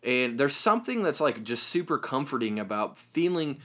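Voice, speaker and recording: A man's voice: medium pitch, very animated, moderate pace, a bit bright. A man co-hosting a podcast in casual chat, chatty and rambling, with a joking manner. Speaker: podcast co-host.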